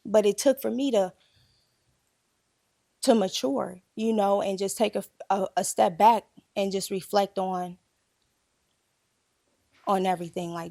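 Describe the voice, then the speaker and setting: A woman speaks with a gravelly, fry-edged voice, holding back tears as she tells a painful story. Her delivery is confessional and raw, the sound close and dry. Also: mid-range voice, fairly even intonation, measured pace, pauses often, warm tone, no echo. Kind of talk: candid group conversation.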